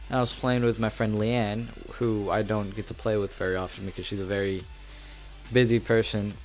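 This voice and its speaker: A man whose first language is Spanish giving casual, rambling video game commentary, correcting himself often and laughing. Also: fairly low pitch. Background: faint background music.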